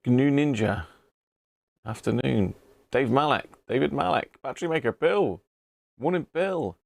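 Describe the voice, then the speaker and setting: A man's voice: medium pitch, expressive, unhurried, creaky, a little mellow, no echo. A middle-aged British man hosting a live stream, chatting casually and greeting viewers by name between frequent chuckles. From Britain. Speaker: live-stream host, radio restorer.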